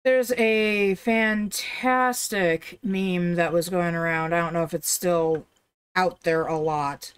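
A woman's voice: fairly low pitch, fairly even intonation, takes it slowly, clear, resonant tone. Chatty woman streaming a game. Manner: chatty, rambling, blunt, swears offhand. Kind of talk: casual live-stream chat.

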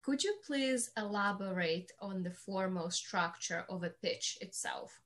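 A woman's voice: mid-range voice, lively intonation, a little slow, a bit bright. A woman interviewer asking polite, carefully phrased questions.

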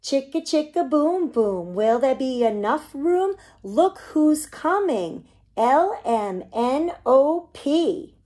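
A woman, a children's librarian, reading a picture book aloud to preschoolers with animated, singsong storytelling. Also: sits high, takes it slowly. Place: library program recorded for online viewing.

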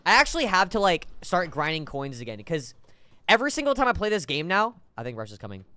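A man streaming a game live, talking to his chat in an excitable, joking way with sudden shouts. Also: on the high side, quick pace.

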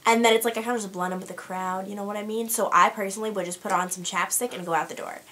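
A woman's voice: mid-range voice, fairly even intonation, very fast, a bit bright. A teenage girl chatting to camera in a beauty vlog, rambling with lots of fillers and restarts. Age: teens. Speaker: beauty vlogger. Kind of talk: casual chat to camera.

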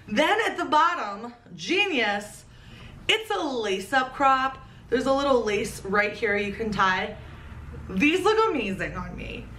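Woman, fairly high voice, bubbly and gushing, casual haul chat, roomy echo, a little off-mic, faint background hum. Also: fairly bright tone, distant mic. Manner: bubbly, gushing, playful asides. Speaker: fashion vlogger.

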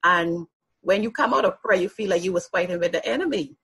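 A woman's voice: fairly low pitch, a little fast, a bit bright, breathy edge. A woman hosting an interview, asking long, searching questions. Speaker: host.

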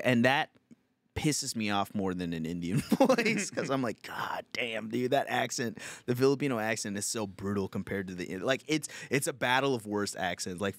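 A man's voice: mid-range voice, a bit bright, no room sound. A man hosting a comedy podcast, talking in a crude, rambling, laid-back way. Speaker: podcast host. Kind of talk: casual podcast chat.

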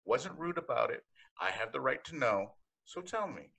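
A man co-hosting a podcast in casual chat, animated, repeating words when he gets worked up. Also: mid-range voice, normal speed, creaky, slightly rough. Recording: dull lo-fi sound.

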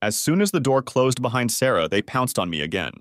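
Male narrator for a first-person drama story, animated delivery, close dry studio sound. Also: medium pitch, fairly quick, no echo.

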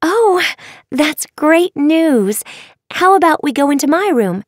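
A woman voicing an excitable, gushing good fairy girl in a storybook. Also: high-pitched, dry recording, clean studio sound, voice pushed up, full character voice. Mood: excited. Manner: gushing, quick.

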